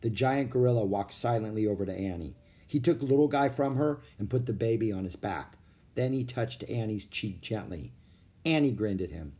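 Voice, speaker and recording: A man narrating a children's storybook with an expressive reading. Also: on the low side, normal speed.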